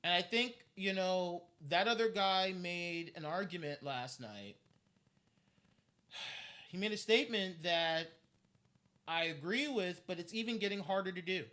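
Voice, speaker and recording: A man's voice: sits high, unhurried, pauses often, bright, forceful tone. A man ranting on a live stream, heated and profane, repeating himself as he vents.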